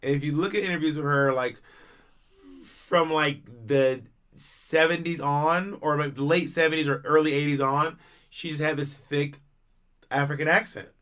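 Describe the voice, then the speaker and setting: A man's voice: on the high side, steady tone, normal speed, a bit bright. A man co-hosting a podcast, chatting casually, musing aloud and asking questions. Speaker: podcast co-host. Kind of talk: casual chat.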